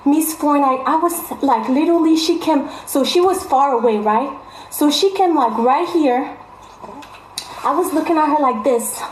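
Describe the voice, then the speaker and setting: A woman's voice: sits high, moderate pace. A young adult woman vlogger telling her viewers a story in casual chat, emphatic and repeating phrases for stress. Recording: roomy echo.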